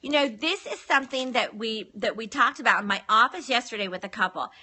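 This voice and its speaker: A woman's voice: a little high, lively intonation, fairly quick, bright, forceful tone. A woman, talking as a relationship counselor in a chatty, earnest live stream, repeating words for emphasis, recorded on a phone. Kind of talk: live-streamed advice talk.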